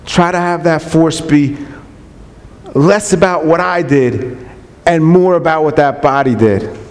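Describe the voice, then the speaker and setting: Speaking a little slowly in a fairly high, slightly mellow voice, a male chiropractor addresses a live audience of colleagues without a script. He's earnest and enthusiastic, preaching, repeating himself and restarting, with long hall reverb around him.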